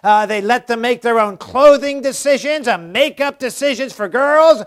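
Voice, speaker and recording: A man with a notably high voice delivers a sermon. He leans hard on certain phrases and repeats them, then falls quiet for an aside before rising again. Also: normal speed. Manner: emphatic, swings from loud stresses to hushed asides; repeats key phrases for emphasis. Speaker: preacher.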